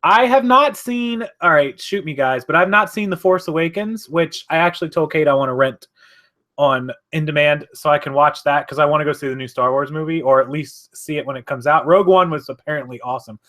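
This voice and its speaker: A man chats on a live stream from his home office, rambling loosely and correcting himself as he reads out comments. His voice is bright and forceful, sitting slightly above the usual male pitch. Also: brisk. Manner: rambling, chatty, self-correcting. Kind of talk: casual live-stream chat, reading viewer comments.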